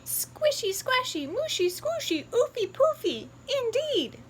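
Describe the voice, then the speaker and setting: A woman's voice: very high-pitched, big pitch swings, slow pace, a little hiss or hum, voice pushed up, full character voice. A woman doing a squealing, gleeful little piglet. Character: small mud-loving girl piglet, playful.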